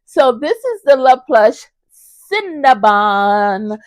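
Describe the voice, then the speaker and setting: High-voiced chatty crochet vlogger woman. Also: animated, moderate pace, dry recording. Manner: chatty and enthusiastic, talks straight to viewers as y'all. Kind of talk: casual review chat.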